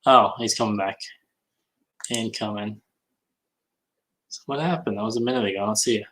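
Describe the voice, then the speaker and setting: A man's voice: fairly low pitch, moderate pace, a bit bright, low-quality recording. A man on a casual livestream hangout, chatting and reading comments while he works, often muttering to himself.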